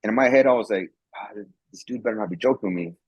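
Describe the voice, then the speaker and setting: A man with a low, husky voice tells a long story in a casual, rambling way, stumbling over repeated words and acting out the voices of others. The recording is dry and dull, with a lo-fi sound. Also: racing, no echo. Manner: rambling, repeats words, acts out quoted dialogue. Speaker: guest, former National Guard soldier.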